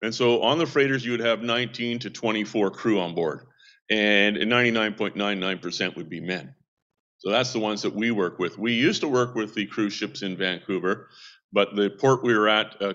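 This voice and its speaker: A man's voice: fairly low pitch, fairly bright tone, dull audio. A man who works with a seamen's mission, giving a casual update in a rambling, anecdotal way with frequent restarts.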